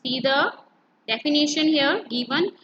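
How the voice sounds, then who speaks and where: A woman teacher with an Indian English accent giving a grammar lesson, explaining slowly, spelling words out letter by letter and switching between English and Hindi. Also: sits high, expressive. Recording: dull lo-fi recording.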